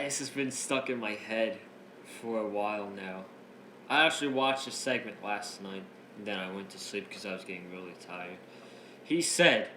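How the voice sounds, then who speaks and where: A medium-pitched man gives a casual recap reviewing a wrestling show, excitable and rambling, constantly restarting sentences and cracking up as he retells the jokes. There's a slight hiss or hum, a roomy echo, and faint ambience.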